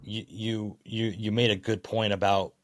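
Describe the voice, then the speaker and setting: A man's voice: lowish voice, flat delivery, moderate pace, dry recording, clean studio sound. A man co-hosting a casual wrestling podcast, playfully building up his predictions like a ring announcer. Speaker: podcast co-host.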